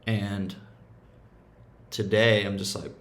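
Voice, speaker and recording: A man's voice: fairly low pitch, steady tone, takes it slowly, a bit bright. A man hosting a self-help talk, speaking in a loose, emphatic, slangy way and swearing freely. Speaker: meditation and self-help host. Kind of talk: casual motivational rant.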